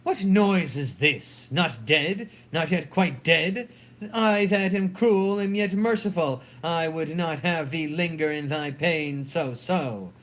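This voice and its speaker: A proud, wrathful general consumed by jealousy, as a man reads him, lifting his voice unusually high for a man. He takes the verse slowly and deliberately, every line weighed. A solemn dramatic play reading. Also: a bit bright. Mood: cold resolve.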